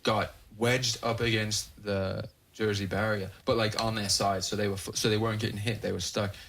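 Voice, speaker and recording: A man's voice: fairly low pitch, moderate pace, a little hiss or hum. A man telling a story on a podcast, casual and profane, acting out the voices of the people in it. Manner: animated, profane, acts out voices in his stories. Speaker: podcast guest.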